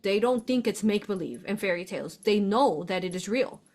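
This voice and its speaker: A woman hosts a casual spiritual livestream, talking excitedly and emotionally, often addressing viewers directly and laughing. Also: medium pitch, brisk. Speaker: spiritual channel host.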